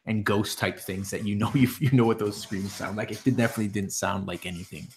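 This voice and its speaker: A low-voiced man runs a tabletop game as game master. He narrates haltingly, with frequent pauses and fillers as he finds his words. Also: fairly even intonation, a little mellow, a little hiss or hum.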